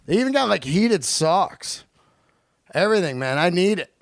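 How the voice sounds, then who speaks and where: A male podcast host delivering a profane, animated comedic rant on his own. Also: sits high, moderate pace, creaky, no echo, clean studio sound. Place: lives in Los Angeles.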